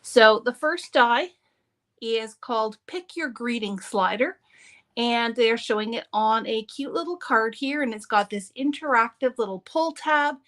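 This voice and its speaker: A woman's voice: fairly high pitch, a little slow, a bit bright. A woman hosting a live papercraft demonstration, talking in a chatty, upbeat way and often breaking off mid-sentence. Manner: chatty, upbeat, self-interrupting.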